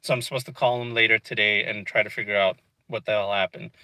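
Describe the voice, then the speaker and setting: A man's voice: fairly low pitch, steady tone, fast, bright, forceful tone, smooth, dry recording, low-quality recording. A man vlogging from inside a car, casually telling a frustrating story and peppering it with "dude" and "you know what I mean.".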